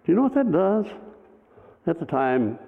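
A man's voice: on the high side, big pitch swings, normal speed, gravelly. A man, a pastor, telling a personal story in a sermon, conversational with wry humor. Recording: phone-like, long hall reverb.

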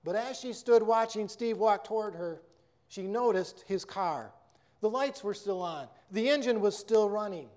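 A preacher telling a story and then giving a sermon in an earnest, measured way. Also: male voice, high-pitched, animated, a little mellow.

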